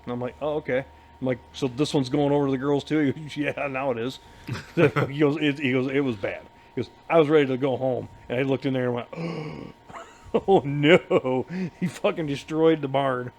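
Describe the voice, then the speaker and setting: In a bar, a man co-hosting a casual podcast tells a long, rambling, profane story and laughs along the way. His mid-range voice is a little mellow, with fairly even intonation and a slightly fast pace.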